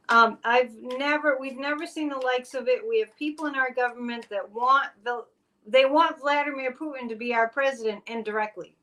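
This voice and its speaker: High-voiced and a bit bright, a woman hosting a live stream offers casual political commentary. She is a psychic host whose delivery is chatty and exclamatory, sprinkled with sarcastic asides.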